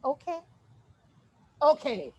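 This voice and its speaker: A woman stage actor performs a theatrical monologue as an outspoken, sassy woman airing her grievances. Her high voice swoops widely at an unhurried pace, slipping into mocking, exaggerated tones in a heavily acted, expressive delivery. The lo-fi recording carries slight background noise.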